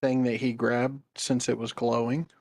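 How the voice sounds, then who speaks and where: A man's voice: medium pitch, level tone, unhurried, a little mellow, no echo. A man playing in a tabletop game, talking in a hesitant, questioning way. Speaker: player. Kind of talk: casual tabletop play.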